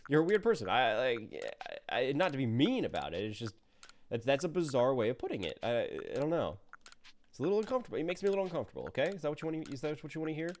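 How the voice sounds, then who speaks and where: A man's voice: medium pitch, very animated, fairly quick. A man streaming a video game and commenting casually, chatty and joking as he talks to the characters on screen.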